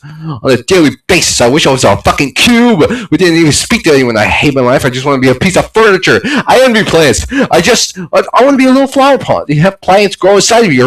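High, nasal man in a frantic rant. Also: rough recording. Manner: frantic ranting, swinging between mutters and shouted, sobbing outbursts. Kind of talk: unscripted rant monologue.

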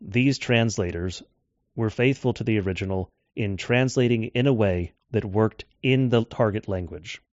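A man giving a measured lecture on scripture translation, slowing down to quote texts. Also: on the low side, a little mellow, no echo. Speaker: Bible teacher. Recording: dull dry lo-fi audio.

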